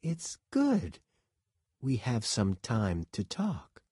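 Brief: man voicing a quiet, unsettling male killer in an audiobook, slow and soft, husky. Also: medium pitch, huge pitch swings, dry recording, clean studio sound, full character voice. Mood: eerie calm. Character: calm, eerie male killer.

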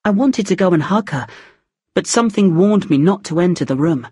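Expressive woman reading a chapter book. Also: lowish voice, brisk, breathy edge, no room sound, clean studio sound. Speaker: audiobook reader. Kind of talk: scripted narration of a graded reader.

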